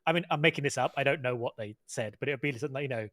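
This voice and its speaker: Man, guest on a stream, wry banter, incredulous, mid pitch, dry close sound. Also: very fast, a bit bright, no echo. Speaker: guest co-commentator. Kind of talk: casual chat.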